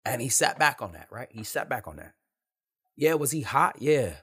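A man's voice: mid-range voice, big pitch swings, moderate pace, sharp tone, slightly rough. A man hosting a podcast, talking in a blunt, candid monologue full of slang and repetition. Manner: candid, emphatic, street slang, repeats himself. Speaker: podcast host. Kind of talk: casual monologue.

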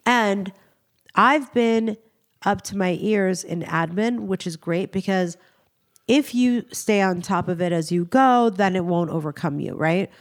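A woman's voice: mid-range voice, unhurried. A woman co-host chatting at length on a podcast, talking in a loose, rambling way with plenty of enthusiasm. A head cold leaves her voice stuffy and nasal. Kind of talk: casual chat.

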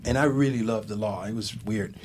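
A man, an actor, chatting in an interview, animated and full of restarts. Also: lowish voice, fairly quick, a little hiss or hum. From Haitian heritage. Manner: animated, many restarts and laughs. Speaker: actor guest. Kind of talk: casual interview chat.

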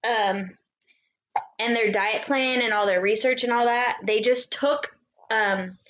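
A woman co-hosting a podcast, explaining things in casual chat with many ums and pauses. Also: on the high side, steady tone, a bit bright, muffled recording. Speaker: podcast co-host.

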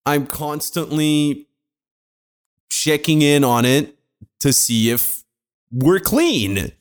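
Young man, podcast storyteller, rambling, animated pitch, unhurried delivery. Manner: rambling, laughing through an embarrassing story. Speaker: podcast co-host.

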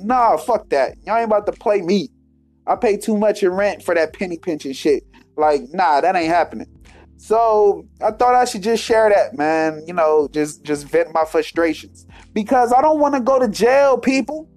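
A man hosting a podcast, telling a comic story in a profane, animated rant. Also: high voice, moderate pace, faint music behind. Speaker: podcast host.

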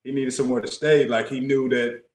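A man in his forties, a guest in a casual interview, who speaks calmly and repeats key phrases to stress them. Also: medium pitch, a little fast. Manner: calm, loyal, repeats phrases for emphasis. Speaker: guest, former NBA player. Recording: roomy echo.

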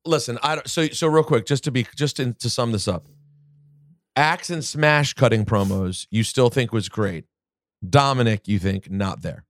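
Guy hosting a podcast, pushy and emphatic, middle pitch, dry sound. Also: no echo. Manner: emphatic, argumentative, quick to push back. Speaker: podcast host. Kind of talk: casual chat.

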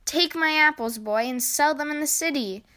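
A woman's voice: sits high, moderate pace, pitched above the performer's own voice. Woman reading a tender, selfless old apple tree. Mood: gentle. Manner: soft, tender, apologetic storybook reading. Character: gentle selfless female apple tree, aging to a stump.

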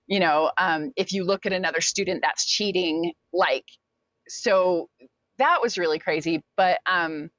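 A woman in her forties telling a personal story as an interview guest, animated and talkative, acting out what people said. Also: lowish voice, unhurried, no echo, dull audio. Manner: animated, talkative, acts out quotes.

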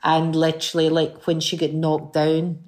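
A middle-aged woman with a Scottish accent, chatting as a guest and telling lively stories, acting out what people said. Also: low voice, normal speed. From Scotland. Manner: lively storyteller who acts out quotes. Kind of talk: casual chat.

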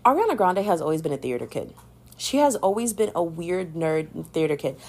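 A young woman hosting a podcast, chatting in a sassy, animated way about pop culture and calling the listener "babes.". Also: fairly low pitch, a little fast. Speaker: podcast host. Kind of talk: casual pop-culture gossip commentary.

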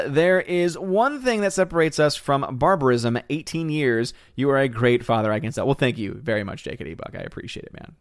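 A man's voice: medium pitch, smooth, no room sound, clean studio sound. A young man hosting a casual livestream, reading viewer comments aloud and chatting back in a rambling, easygoing way. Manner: chatty, rambling, laughs often, thanks viewers warmly. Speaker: livestream host reading chat.

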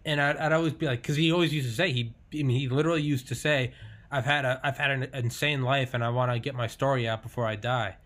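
A man's voice: medium pitch, steady tone, quick pace, a bit bright. A man hosting a podcast, talking in a loose, casual way and swearing freely. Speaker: podcast host. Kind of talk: casual conversation.

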